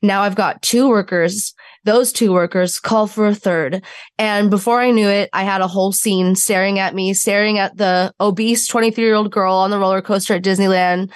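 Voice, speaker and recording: A woman's voice: medium pitch, normal speed, no echo, studio quality. A woman in her twenties, a podcast guest telling her story candidly and acting out the voices of people in it. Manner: animated storyteller acting out quotes.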